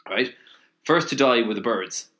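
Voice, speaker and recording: A man's voice: mid-range voice, animated, measured pace, sharp tone. An Irish man co-hosting a casual podcast, telling rambling anecdotes and checking in with "right?" as he goes. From Ireland. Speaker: podcast co-host. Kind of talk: casual chat, storytelling.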